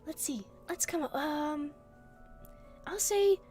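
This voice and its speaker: Super high-pitched young woman chatting on stream, giggles a lot, hiccups, faint music under her. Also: slow, mellow. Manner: giggly, laughs often. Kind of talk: casual chat.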